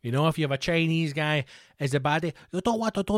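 A man's voice: on the high side, animated, fast, no echo, clean studio sound. A Scottish man hosting a podcast, ranting sarcastically, swearing freely and reading news reports aloud. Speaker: podcast host.

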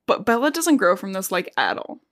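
A woman's voice: mid-range voice, wildly swooping pitch, a bit bright, no echo, clean studio sound. Chatty woman recapping a book. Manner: chatty recapping with quick voiced-out quotes of characters. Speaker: podcast co-host. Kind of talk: casual book discussion.

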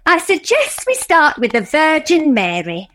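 A woman's voice: high-pitched, wildly swooping pitch, a little slow, fairly bright tone, a little hiss or hum, heavily acted. An actress playing a polite, fussy woman helping run auditions.

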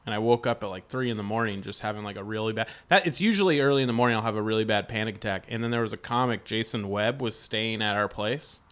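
A man's voice: on the low side, fast, hardly any pauses, a bit bright, clear, resonant tone. A man hosting a podcast in casual chat, telling stories with lots of fillers and restarts. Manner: rambling storytelling with many fillers. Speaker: podcast host.

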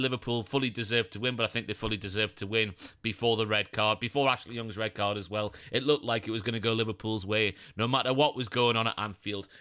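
A man's voice: medium pitch, bright, forceful tone, smooth. A man hosting a football podcast alone, going over match results in a chatty, jokey, self-deprecating way. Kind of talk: solo football podcast commentary.

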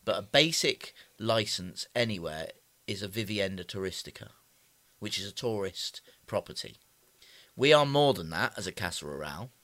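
A man co-hosts a casual podcast in a bright, clear tone. His pitch rises and falls a lot as he explains things logically and teases his co-host. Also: lively intonation, normal speed. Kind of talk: casual chat.

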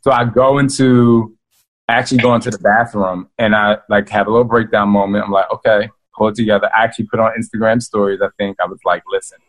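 Animated man telling a story. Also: on the low side, fast talker, rough recording. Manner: animated, addresses listeners as "y'all". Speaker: author and guest. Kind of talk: casual storytelling to an audience.

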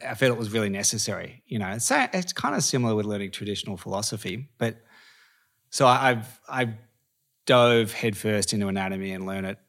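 Thoughtful, slightly low-voiced man. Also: fairly bright tone. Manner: thoughtful, halting, with restarts. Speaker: yoga teacher, guest. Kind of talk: casual interview chat.

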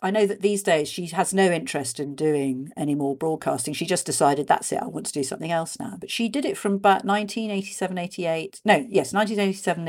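A woman speaking as an interview guest, chatty and animated, with many fillers and restarts. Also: on the low side. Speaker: guest discussing a radio show's history. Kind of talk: conversational interview.

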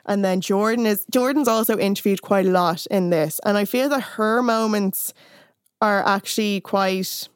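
A woman's voice: mid-range voice, moderate pace, clean tone, dry recording, clean studio sound. A young adult woman, chatting casually on a podcast, recapping scenes and acting out quoted lines with plenty of fillers.

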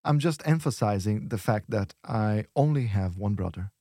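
A man teaching on a lesson podcast, patiently modelling phrases slowly and encouraging the learner. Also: on the low side, expressive, mellow, dry recording, studio quality. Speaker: Portuguese teacher.

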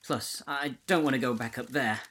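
A man's voice: medium pitch, moderate pace, fairly bright tone, breathy edge, voice pushed up. A man voicing Tom, a shaken, reluctant young man in a ghost story reading. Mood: weary.

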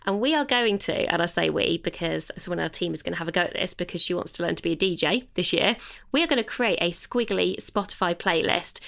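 A woman's voice: on the low side, fast, creaky, a bit bright. A British woman co-hosting a podcast, telling anecdotes in a chatty way with hesitations and self-corrections. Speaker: podcast co-host. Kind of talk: casual podcast chat.

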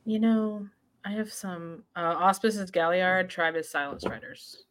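A woman's voice: on the low side, measured pace. A woman introducing herself as a tabletop game player in an offhand, trailing manner. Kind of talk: casual chat.

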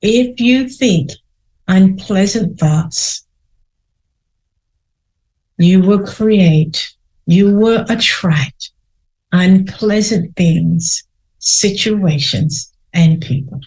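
A woman's voice: medium pitch, darkish tone. A woman hosting a podcast, leading a guided meditation in a soothing way and repeating affirmations. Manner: slow, soothing, repeats phrases. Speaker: podcast host.

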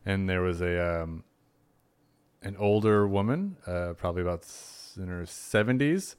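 Animated man telling a story. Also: unhurried, clear, resonant tone. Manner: animated, jumps into high-pitched voices when quoting people. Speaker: podcast guest, comedian. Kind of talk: casual storytelling chat.

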